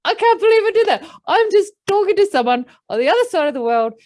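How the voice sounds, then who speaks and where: A woman voicing an elated, chatty female horse who gives eager instructions in a high voice. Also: fairly quick, close to an everyday voice. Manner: giddy, bossy, giving eager instructions.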